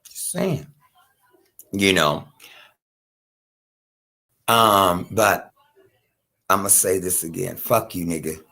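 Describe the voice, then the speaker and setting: A man's voice: deep voice, slow pace, gravelly, long pauses, sharp tone. A man hosting his own stream, ranting off the cuff to his viewers with heated, profane asides aimed straight at a critic. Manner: chatty asides to his audience. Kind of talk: unscripted rant to viewers.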